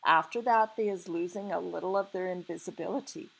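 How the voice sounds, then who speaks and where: A woman's voice: fairly low pitch, a little fast, creaky, slightly rough, rough recording. A woman doing an agitated big friendly giant. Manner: mangled words, loud exclaiming. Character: big clumsy kind male giant, distressed.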